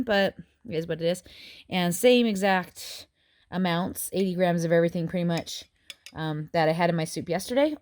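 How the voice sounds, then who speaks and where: Here a forties-aged woman vlogs her food diary in a casual, chatty way, frequently slightly breathless, in various rooms and a dance studio. Her voice is fairly low and darkish in tone.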